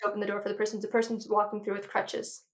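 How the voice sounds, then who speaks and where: A woman in her thirties, an audiologist, talking passionately and quickly in an interview, a bit out of breath. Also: medium pitch, monotone. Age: 30s. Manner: passionate, rapid lecturing. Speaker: audiologist guest. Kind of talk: enthusiastic interview talk.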